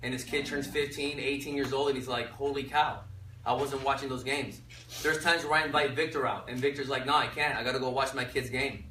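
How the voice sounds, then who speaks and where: Bright energetic man leading a workshop. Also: medium pitch, brisk. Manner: energetic, quizzes the audience with fill-in questions. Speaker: workshop speaker. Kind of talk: motivational workshop talk. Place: echoey workshop room. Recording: roomy echo, mic from far off, faint noise.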